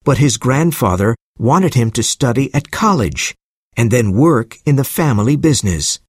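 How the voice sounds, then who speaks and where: A man narrating a simple storybook in a clear, measured reading voice. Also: medium pitch, very animated, no room sound, studio quality.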